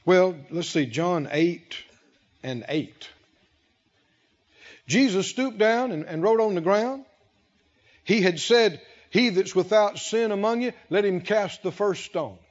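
A male pastor preaching a sermon, speaking slowly and with emphasis, pausing to let the congregation fill in key words. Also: high voice, animated. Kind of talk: sermon with call-and-response. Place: church sanctuary. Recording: lo-fi with long hall reverb.

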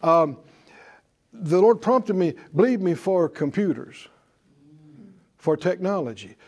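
An older man preaches a Bible class at an unhurried pace, his voice higher than most men's yet mellow and warm. He is folksy, chuckles at his own asides, and presses his points with rhetorical questions. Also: animated. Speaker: preacher and teacher. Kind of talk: sermon-style Bible class.

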